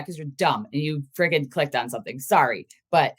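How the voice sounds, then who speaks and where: A woman's voice: deep voice, animated, fairly quick, hardly any pauses, slightly rough. A young woman co-hosting a podcast, talking bluntly and getting worked up as she gives advice. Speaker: podcast co-host. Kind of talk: casual podcast chat.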